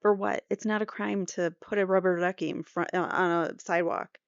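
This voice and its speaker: Woman podcast host, low gravelly voice, sarcastic and chatty, dry lo-fi recording. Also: steady tone, brisk, no echo. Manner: sarcastic, chatty, laughs at her own asides. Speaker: true crime podcast host. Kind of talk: casual commentary reading an article aloud.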